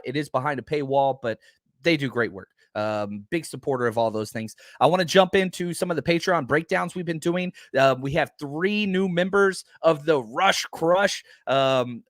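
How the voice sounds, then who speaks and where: A man hosting a live podcast, talking fast and excitedly with lots of fillers, rambling from one point to the next. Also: a little high, no room sound, clean studio sound. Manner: enthusiastic, rambling with many fillers. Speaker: podcast host. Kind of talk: live-stream podcast chat.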